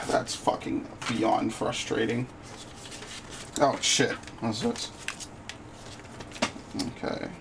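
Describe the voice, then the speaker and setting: A man's voice: medium pitch, fairly even intonation, extremely slow, creaky, pauses often, heavy background noise. A man streaming a game live, commenting as he plays, swearing freely and griping sarcastically about his bad luck. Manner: profane, easily frustrated, sarcastic.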